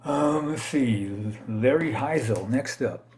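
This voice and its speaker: A man's voice: mid-range voice, slow pace, darkish tone, a little hiss or hum. A man casually talking through his collection, hesitant and rambling, often correcting himself and joking about his own mistakes. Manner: self-deprecating, laughs at own slips. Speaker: card collector vlogger. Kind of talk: casual unscripted commentary.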